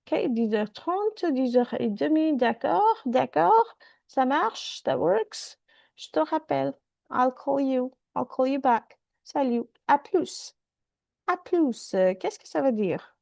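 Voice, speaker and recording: High-voiced woman teaching French online. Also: animated, unhurried, vocal fry, dark tone, no echo. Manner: repeats phrases, switches between French and English.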